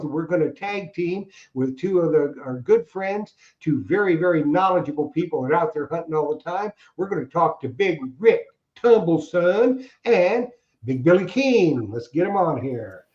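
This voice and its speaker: A man's voice: on the high side, lively intonation, moderate pace, darkish tone. A man hosting a casual talk show, upbeat and chummy, often repeating his own phrases. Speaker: show host. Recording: roomy, dull-sounding audio.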